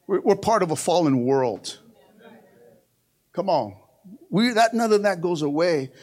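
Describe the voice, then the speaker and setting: A male pastor preaching a sermon in a church with call-and-response phrases. He swings between loud exclamations and quiet, low passages, and often laughs. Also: expressive, a little slow. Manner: call-and-response preaching, frequent "come on" and "amen"; laughs often, playful asides. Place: church sanctuary.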